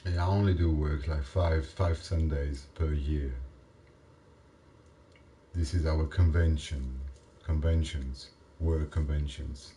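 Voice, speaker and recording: A man from Europe chatting casually, halting and repeating his words in non-native phrasing, with faint rain behind him. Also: a bass voice, fairly even intonation, mellow, a little hiss or hum. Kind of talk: casual one-sided chat.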